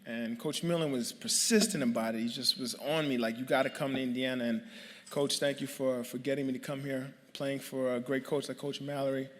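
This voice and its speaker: A man's voice: medium pitch, fairly even intonation, moderate pace, slight background noise. Man, late 30s, from New York, hall of fame acceptance speech, humorous and rambling, lots of fillers, long hall reverb. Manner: humorous, chatty, many fillers and restarts.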